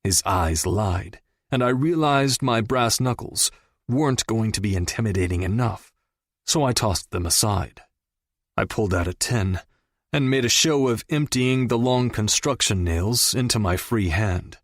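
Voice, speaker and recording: A man narrating a first-person crime story in a measured, dramatic storytelling manner. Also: fairly low pitch, no room sound, studio quality. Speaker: audiobook narrator.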